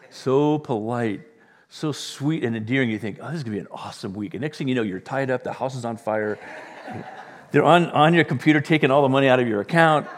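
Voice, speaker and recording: A middle-aged man preaches a sermon in a mid-range voice. He tells his stories with animated quoted voices. The hall's long reverb trails behind his words. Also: mid-range voice. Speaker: pastor. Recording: church hall with long reverb.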